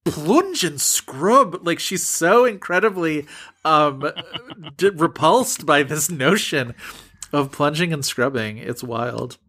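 A man's voice: on the high side, takes it slowly, fairly bright tone. A man co-hosting a podcast, chatting casually and rambling with plenty of fillers and restarts. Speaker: podcast co-host. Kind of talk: casual chat.

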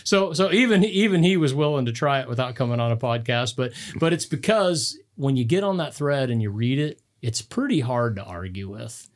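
A man's voice: medium pitch, brisk, few pauses. A middle-aged man, a podcast guest, telling casual stories with laughs and many restarts. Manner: animated, laughs mid-story, frequent restarts.

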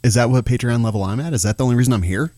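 Laid-back podcast co-host, dry sound. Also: male voice, medium pitch, very fast, warm tone, no echo. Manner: laughing, teasing banter. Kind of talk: casual podcast chat.

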